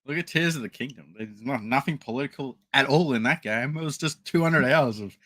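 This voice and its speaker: A man on a podcast chimes in, agrees readily, and talks casually with some swearing. His voice sounds bright and a little sharp. The recording is close and dry. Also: mid-range voice, fairly quick, dry recording.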